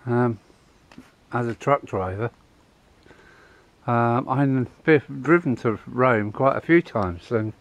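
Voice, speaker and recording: The recording is muffled as a middle-aged truck driver vlogs by a roadside and an old wall, chatting casually and rambling. He talks slowly in a mid-range voice, leaving long pauses.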